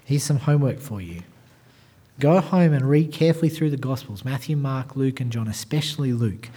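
A man preaching a sermon as pastor, talking straight to his congregation and swinging from quiet asides to loud, emphatic passages. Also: medium pitch, normal speed, slightly rough. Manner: addresses the congregation directly with rhetorical questions.

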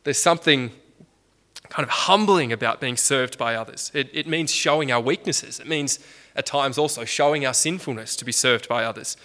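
A man with a bright, forceful voice preaches a Sunday sermon. He talks conversationally, restarting phrases and asking his listeners rhetorical questions. His delivery sounds like everyday talk more than oratory. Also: mid-range voice, moderate pace.

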